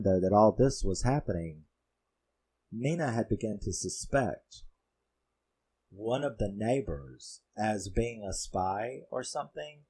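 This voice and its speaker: Rambling horror reviewer, male, lowish voice, swears a lot and gets worked up. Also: mellow, husky. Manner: rambling, profane and fired up. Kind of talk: casual spoken film recap.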